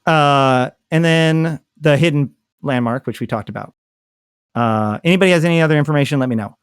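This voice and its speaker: A man's voice: on the high side, a little fast, smooth, no echo, clean studio sound. A man co-hosting a gaming podcast, talking things through casually with many fillers and restarts. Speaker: podcast co-host.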